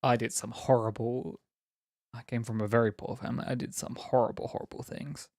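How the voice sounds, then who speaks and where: A man's voice: medium pitch, little pitch movement, a little fast, a little mellow, no room sound, clean studio sound. A young man chatting casually on a live stream, rambling, laughing often and teasing viewers.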